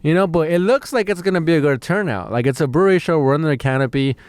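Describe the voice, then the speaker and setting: A man's voice: a little high, quick pace, a little mellow, clear, resonant tone, no echo. Rambling, swearing male comedian. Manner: rambling, swearing, lots of fillers and restarts. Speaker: comedian and podcast co-host. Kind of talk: casual storytelling chat.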